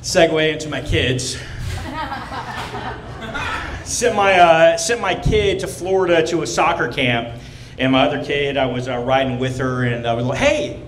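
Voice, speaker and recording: A man's voice: on the high side, roomy sound, a little hiss or hum, rough recording. A man doing a brash stand-up set on a comedy club stage, telling stories and acting out other people. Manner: brash, storytelling, quick to act out other people.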